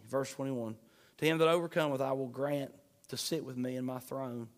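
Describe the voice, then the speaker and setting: A man preaching a sermon, fervent, swinging between shouts and hushed pleading. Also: medium pitch, fairly quick. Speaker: pastor. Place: church sanctuary. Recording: long hall reverb.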